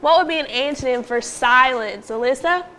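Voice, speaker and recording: A woman teaching a phonics lesson to young pupils in a classroom, patiently prompting them and sounding out words slowly. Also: sits high, sharp tone, a little hiss or hum. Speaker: elementary school teacher.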